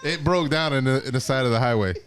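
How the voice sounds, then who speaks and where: A man's voice: mid-range voice, fast, fairly bright tone. A man chiming into a group story, laughing and adding details. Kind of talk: casual group banter.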